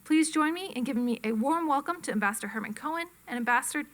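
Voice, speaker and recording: A woman's voice: sits high, animated, fast talker, heavy background noise. A woman hosting an event, reading a formal introduction of the speakers from a script and stumbling on a few words.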